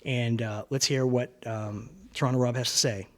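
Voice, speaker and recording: A man's voice: medium pitch, fairly even intonation, moderate pace. Man, podcast co-host, casual chat, rambling with ums, mid-range voice. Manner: chatty, many "um"s, swears casually.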